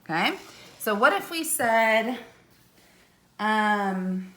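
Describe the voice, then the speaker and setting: With a bright, clear, mid-range voice and lively intonation, a woman teacher walks young students through a lesson. She goes slowly and patiently, asking "okay?" and "right?" after each step, and her voice drifts off the mic when she turns to write on a board.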